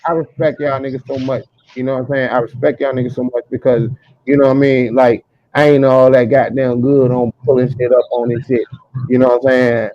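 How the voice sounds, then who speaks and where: A man's voice: mid-range voice, level tone, a little fast. A man with a Virginia accent, talking emphatically and profanely in a heated casual discussion. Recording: muffled lo-fi audio.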